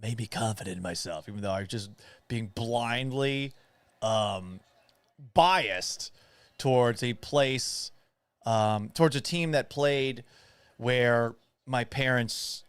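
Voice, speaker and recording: A man's voice: medium pitch, slow, clean tone, no room sound. A man in his thirties who grew up in Florida, hosting a casual live watch party, calling plays and reading viewer comments in a rambling, chatty way. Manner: rambling, reads viewer chat, play-by-play asides. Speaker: sports talk host.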